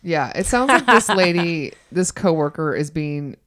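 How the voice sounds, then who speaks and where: A woman's voice: low voice, expressive, moderate pace, fairly bright tone. A woman co-hosting a casual podcast who talks bluntly, teases, and swears casually. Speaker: podcast co-host.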